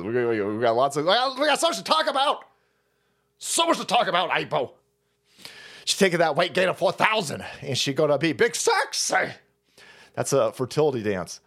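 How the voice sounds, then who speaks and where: A man hosting a stream, ranting about politics in a loud, foul-mouthed, mocking way, jumping between shouts and low mutters. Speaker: host of a political rant stream. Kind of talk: profane political rant.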